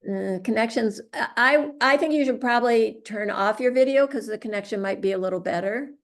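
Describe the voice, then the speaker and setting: A woman's voice: on the high side, brisk. Woman steadily moderating an online class. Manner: encouraging, with steady backchannel. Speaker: class host. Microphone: video call.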